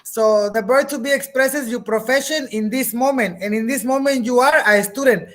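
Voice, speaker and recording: A woman's voice: a little high, moderate pace. A woman teaching a beginner English class, patiently repeating words, checking that students follow, and slipping into Spanish now and then.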